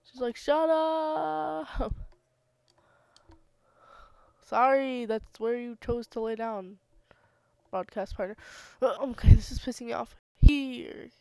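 A young woman talks her way through a video game in a slow, unhurried drawl, pitched a little high. She mutters to herself and slips into playful sing-song bits. The mic sits close in a dry room with no echo. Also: steady tone, a little mellow, clean tone. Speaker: gamer. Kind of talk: casual let's play commentary.

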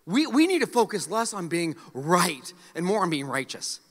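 A male pastor preaching a sermon, animated, with joking asides and repeated phrases. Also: sits high, normal speed, in a large hall. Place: church sanctuary.

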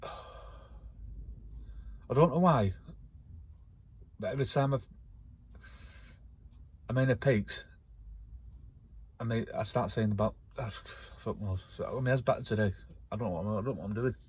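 A man rambles and rants straight to camera from inside his camper van. His voice is husky, and he swears freely as he gets worked up. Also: fairly low pitch, normal speed, long pauses. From North West England. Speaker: vlogger. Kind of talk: casual ranting vlog.

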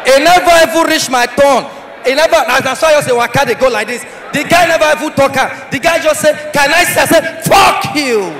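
A man with a Nigerian Pidgin accent, doing stand-up comedy, telling a story with loud shouted impressions. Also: extremely high pitch, quick pace, a faint crowd, slight background noise. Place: large live comedy hall. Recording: echoey hall from far off.

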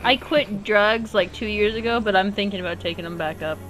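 A woman co-hosting game commentary with wry, deadpan jokes. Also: mid-range voice, fairly quick, soft background music, rough recording. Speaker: co-host. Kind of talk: let's play commentary.

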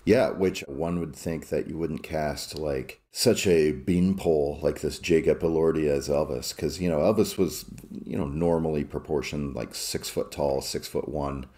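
A man from the American Midwest, co-hosting a podcast in casual chat, measured and thoughtful, with many fillers. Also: rumbling low, warm tone. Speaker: podcast co-host.

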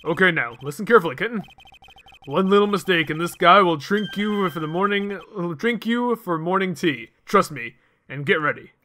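A man voicing a cocky, coffee-drinking male prosecutor in a game reading, with a low teasing drawl. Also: expressive, moderate pace, sharp tone, a little hiss or hum.

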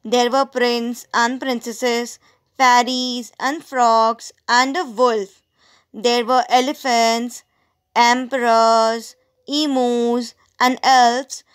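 A woman's voice: on the high side, a bit bright, smooth. A woman teacher reading a story aloud to students, stopping to explain words and ask them questions. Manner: explains word meanings to students; asks the listeners questions.

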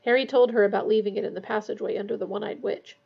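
A woman reading a novel aloud in a steady, measured way. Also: mid-range voice, vocal fry, breathy edge, highs cut off. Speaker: audiobook reader.

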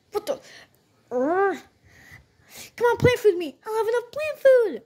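A high-pitched woman voicing a whole cast of toys in playful role-play. She talks in a slow, unhurried rhythm, full of excitable outbursts and shooting noises. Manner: bouncy, excitable, frequent sound effects. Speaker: toy video creator voicing every character.

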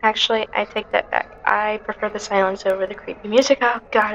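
A woman's voice: mid-range voice, fairly even intonation, a little fast, hardly any pauses, fairly bright tone, highs cut off. A woman giving nervous, jumpy commentary on a horror game, often dropping to a whisper. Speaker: gaming commentator.

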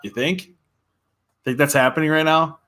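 A man's voice: on the high side, fairly even intonation, moderate pace, pushed and bright. A man talking casually to viewers on a livestream, chatty and laughing often. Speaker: livestream guest.

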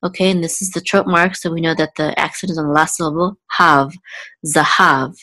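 Woman, Hebrew reading teacher, patient and step-by-step, slightly low voice, lots of ums. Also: steady tone, fast talker, a bit bright. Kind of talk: one-on-one lesson, explaining letters slowly.

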